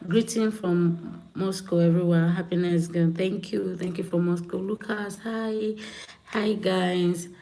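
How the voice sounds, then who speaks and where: Slow-talking woman on a livestream. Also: on the low side, steady tone, creaky, dark tone. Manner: chatty, greets viewers by name, laughs often. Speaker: livestream host. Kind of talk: casual livestream chat.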